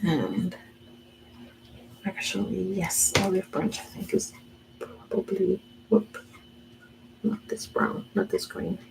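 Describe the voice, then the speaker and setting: Woman, 30s, gravelly, mellow, casual art vlog chat, thinking out loud while painting. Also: mid-range voice, takes it slowly, pauses often, slight background noise, rough recording. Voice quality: relaxed, musing aloud. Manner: chatty, talks to herself as she works, laughs often. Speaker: art vlogger.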